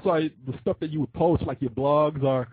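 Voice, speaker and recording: A man's voice: on the high side, moderate pace, breathy edge. Joking call-in host man over phone line. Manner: loose, joking, swears freely, shouts quoted voices. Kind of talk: casual call-in chat. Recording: tinny phone-line sound.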